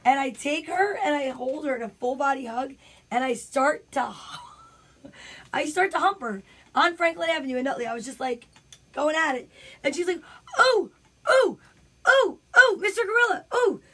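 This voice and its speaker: Animated New woman comic, high voice, casual home storytelling. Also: normal speed. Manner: animated, chatty, frequent asides. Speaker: comedian.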